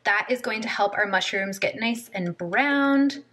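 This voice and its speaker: A woman's voice: mid-range voice, a little slow, a bit bright, echoey room. A young woman hosting a casual home cooking tutorial, chatty and bubbly as she talks straight to her viewers. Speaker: cooking channel host. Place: home kitchen.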